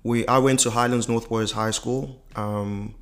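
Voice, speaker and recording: A young man from South Africa, a podcast guest, telling a personal story in a reflective, halting way with many fillers. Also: medium pitch, steady tone.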